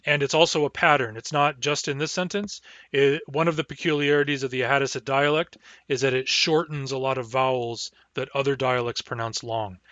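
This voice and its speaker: A man teaching a language class online, sounding out words slowly and carefully, syllable by syllable. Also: medium pitch, pushed and bright, dry recording, dull audio. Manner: slow, careful, deliberate pronunciation.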